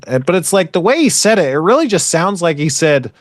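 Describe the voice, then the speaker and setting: A man's voice: fairly high pitch, lively intonation, brisk, no room sound, studio quality. A man co-hosting a podcast, ranting in a rambling, profane, exasperated way in casual chat. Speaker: podcast co-host.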